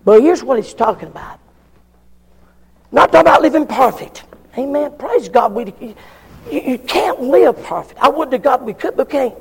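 A man's voice: very high voice, lively intonation, normal speed, gravelly, husky, in a large hall. A man preaching a fervent sermon in a church, calling for amens between points. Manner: fervent preaching with frequent call-and-response amens.

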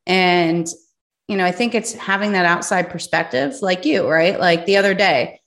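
A woman's voice: lowish voice, moderate pace, fairly bright tone. A woman hosting a business conversation, talking casually and acting out her own reactions. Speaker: podcast host.

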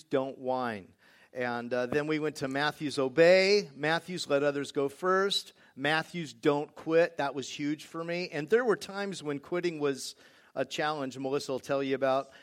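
A middle-aged man and father, talking casually and wryly about his family's rules. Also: fairly high pitch. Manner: casual, wry, with fillers. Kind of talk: personal talk on parenting.

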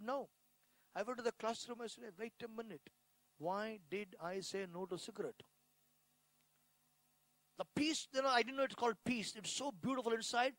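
Indian male preacher, emotional testimony, high voice, close dry sound. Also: no room sound, poor audio. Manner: emotional, repetitive, swings from hushed to loud. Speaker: preacher giving his testimony. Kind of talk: sermon testimony.

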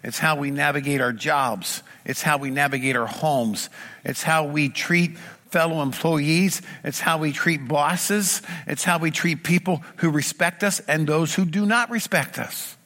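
A middle-aged man preaches in a church, earnest and emphatic, stacking one repeated phrase on the next. His voice sits a bit high for a man and comes through bright and forceful. A long reverb trails his words through the sanctuary. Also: a little slow. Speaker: pastor. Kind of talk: sermon.

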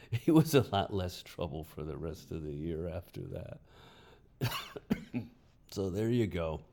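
A man telling a funny story from his teaching days as a podcast host, in a lively and amused way. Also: low-pitched, slow pace, creaky, pauses often. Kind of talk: storytelling narration.

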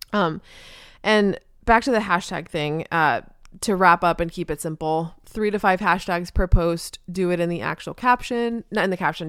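Chatty woman hosting a podcast, smooth voice. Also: lowish voice, a bit bright, no room sound, studio quality. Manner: chatty and upbeat, many ums. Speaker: podcast host, social media marketer. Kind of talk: casual solo podcast talk. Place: podcast studio with couch and rug.

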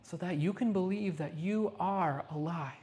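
A woman pastor delivering a Sunday sermon in a rehearsal hall, repeating phrases and slowing down to stress key lines. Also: on the low side, warm tone. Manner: emphatic repetition, slowing for stress.

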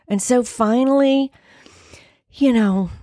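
A middle-aged woman from the United States hosting a faith podcast, telling a personal story earnestly and dropping to soft whispers at times. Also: a little high, takes it slowly, no echo, clean studio sound. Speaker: podcast host.

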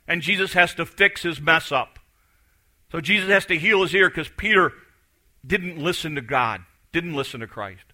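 A middle-aged man preaching a sermon, telling a story with acted-out voices and dropping to soft, low emphasis on key words. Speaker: pastor.

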